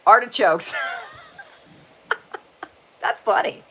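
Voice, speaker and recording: Drawing out her words in a medium-pitched voice that's bright, forceful, and slightly rough, a sixty-something woman runs a casual livestream. She's folksy and upbeat, cracking corny jokes and frequently adding "just saying."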